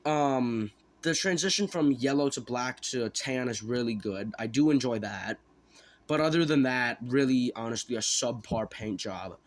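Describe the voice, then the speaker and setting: A man's voice: medium pitch, unhurried. Casual man reviewing a toy figure. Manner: rambling, self-correcting, thinking aloud.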